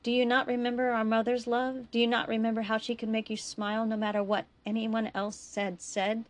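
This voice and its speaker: A woman voicing a kind Kiowa man who gently and earnestly urges his grieving brother to choose life. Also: fairly high pitch, flat delivery, brisk, close to an everyday voice. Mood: urgent, tender.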